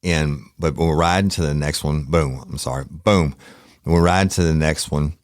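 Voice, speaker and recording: A man's voice: extremely low pitch, fairly even intonation, moderate pace, dry recording, clean studio sound. A man, a former detective hosting a podcast, rambling and swearing freely as he tells a crime story. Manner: rambling, profane, self-interrupting.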